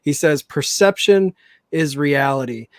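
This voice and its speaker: A man in his late thirties with a slightly high voice, recorded close and dry. He makes emphatic points, stumbling over his first words before he gets going. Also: unhurried, no room sound. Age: late 30s. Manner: emphatic, stammers at the start of points. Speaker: podcast co-host. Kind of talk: casual wrestling chat.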